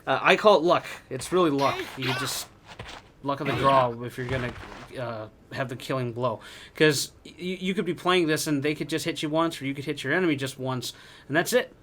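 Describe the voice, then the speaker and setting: A man's voice: medium pitch, a little fast, background noise. A man chatting casually while reviewing an old fighting game, rambling with lots of fillers and restarts.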